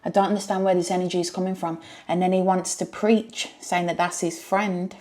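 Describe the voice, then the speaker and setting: A woman's voice: fairly low pitch, flat delivery, a little fast, few pauses, a little mellow. A woman reviewing a reality show, exasperated and firing rhetorical questions. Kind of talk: reaction review rant.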